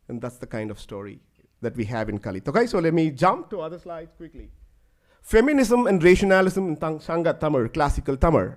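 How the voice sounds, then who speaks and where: A man giving a conference lecture, telling stories in an animated way and often saying "like". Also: a little high, fairly quick. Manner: animated, fills speech with "like".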